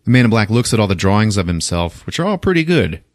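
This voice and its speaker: A man's voice: lowish voice, sing-song, quick pace, no echo, clean studio sound. A man hosting a podcast, casually recapping a film in loose, profane storytelling and voicing the characters as he goes. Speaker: podcast host.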